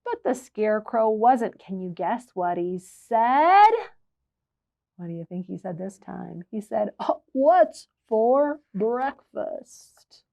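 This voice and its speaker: This children's librarian has a gravelly, mid-range voice, unhurried in pace, and the recording has its highs cut off. She reads a picture book aloud expressively, asking her listeners questions throughout.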